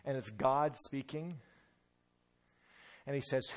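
A man's voice: medium pitch, moderate pace. A male pastor preaching a sermon in an emphatic way, often repeating words as he restarts.

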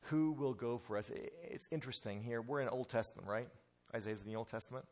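A man's voice: medium pitch, fast talker, darkish tone. A male pastor preaching a sermon in an emphatic way, often repeating words as he restarts.

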